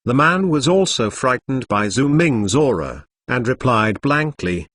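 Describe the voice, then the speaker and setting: A man narrating a translated novel in stilted phrasing, even reading punctuation aloud. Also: medium pitch, unhurried, hardly any pauses.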